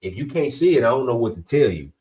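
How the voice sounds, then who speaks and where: A man's voice: medium pitch, big pitch swings, fast, a little mellow. A man hosting a political commentary channel, talking bluntly in slang straight to his viewers. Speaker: channel host.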